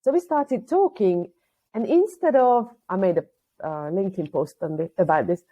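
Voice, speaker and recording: Non-native English woman guest, lively storyteller, slightly dull video-call sound. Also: medium pitch, normal speed. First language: not English. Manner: lively storyteller, acts out quotes. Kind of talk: casual conversation on a video call.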